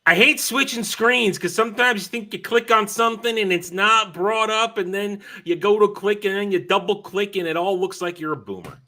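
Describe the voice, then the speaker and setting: Brief: male streamer, tired, rambly casual chat, bright forward tone. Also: high voice, moderate pace, few pauses. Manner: rambling, self-correcting, chatty. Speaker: streamer hosting his own show.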